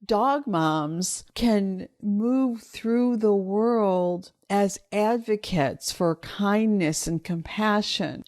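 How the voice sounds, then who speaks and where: A woman hosting a solo podcast for dog owners, coaxing listeners gently and rising into lively bursts of encouragement. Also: mid-range voice, no room sound, clean studio sound. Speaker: podcast host and dog trainer.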